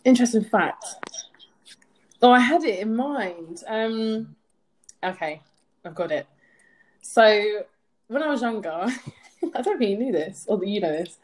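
A woman's voice: mid-range voice, animated, unhurried, long pauses, darkish tone. A young woman from London with a London accent, co-hosting a podcast in casual, playful banter and laughing often. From London, England. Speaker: podcast co-host. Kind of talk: casual chat.

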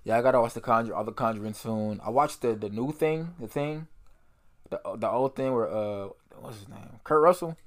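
A man's voice: mid-range voice, normal speed. A man co-hosting a podcast, chatting casually in slangy speech, often repeating and restarting words. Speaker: podcast co-host. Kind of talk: casual chat.

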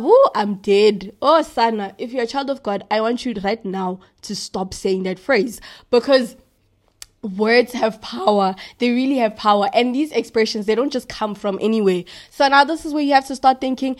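Young woman, higher-pitched, casual faith-talk host, slangy and emphatic. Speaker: Christian podcast host.

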